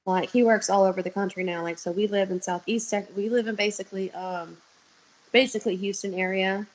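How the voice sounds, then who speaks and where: A woman's voice: medium pitch, fairly even intonation, a little fast, slight background noise, low-quality recording. A young woman talking candidly on a video call, telling stories and swearing freely. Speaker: guest. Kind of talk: casual chat.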